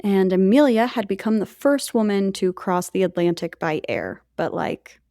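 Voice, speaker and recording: A woman's voice: mid-range voice, expressive, normal speed, mellow, no room sound, studio quality. A woman co-hosting a podcast, telling a history story in a chatty way with jokey asides to her co-host.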